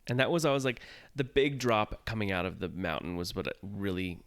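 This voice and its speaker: A man's voice: on the low side, fairly quick, dry recording, studio quality. A man in his thirties casually telling a long story on a podcast, acting out his own fearful lines as he goes. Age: 30s. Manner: animated storyteller, acts out his own fear in quotes. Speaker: podcast co-host.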